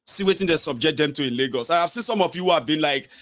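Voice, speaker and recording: A man's voice: fairly high pitch, rapid-fire, no echo. A man with a Nigerian accent giving casual political commentary, switching between English, Pidgin and Yoruba. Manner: mixes English with Pidgin and Yoruba, animated mimicry.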